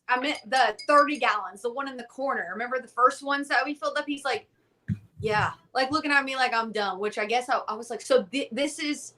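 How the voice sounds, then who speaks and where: A young woman, a guest from a whiskey company, telling a story in a casual interview and acting out the dialogue. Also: high-pitched. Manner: animated, acts out quoted dialogue.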